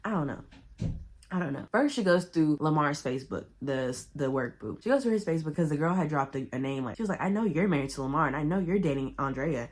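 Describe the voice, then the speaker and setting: Low-voiced chatty woman vlogger. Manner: chatty, animated retelling with loud quoted outbursts. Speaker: book vlogger. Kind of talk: casual book recap to camera.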